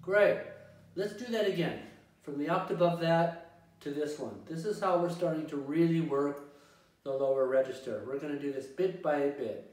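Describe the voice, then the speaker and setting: A man teaching an online tuba class, speaking slowly and deliberately as he walks through exercises and counts in. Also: a little high, heavy reverb, far from the mic, music in the background, low-quality recording. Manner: slow, deliberate instruction with counting. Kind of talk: online music lesson. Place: home practice room.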